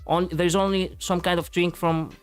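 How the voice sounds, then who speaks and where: A man's voice: sits high, level tone, normal speed, smooth. Chatty man streaming over faint music. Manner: rambling, chatty, reacting to chat, frequent fillers. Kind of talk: casual live-stream chat.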